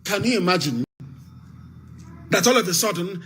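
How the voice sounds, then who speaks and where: Nigerian guy preaching on live radio, fiery and repetitive, pretty high voice. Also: lively intonation, moderate pace, fairly bright tone, a little hiss or hum. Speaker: activist radio broadcaster. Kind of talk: impassioned live radio address.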